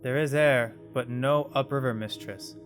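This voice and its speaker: A man's voice: mid-range voice, fairly even intonation, unhurried, faint music behind, lightly acted. Six, a man voicing a formal robot servant. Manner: courtly, addresses listener as mistress, half-attempted accent. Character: polite formal robot servant, male-voiced. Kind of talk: reading game dialogue aloud.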